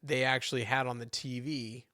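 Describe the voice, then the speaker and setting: A man co-hosting a podcast in casual chat, relaxed and teasing. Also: medium pitch, moderate pace, no room sound, clean studio sound. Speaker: podcast co-host.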